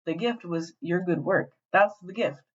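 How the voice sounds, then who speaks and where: A woman co-hosting a podcast, retelling a show in animated, profane casual chat. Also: on the low side, moderate pace. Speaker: podcast co-host. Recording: dull lo-fi glitchy recording.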